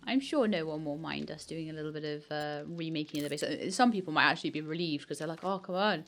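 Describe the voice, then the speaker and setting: A woman's voice: low voice, fast. A woman chatting casually as a co-op gameplay partner, easygoing and practical.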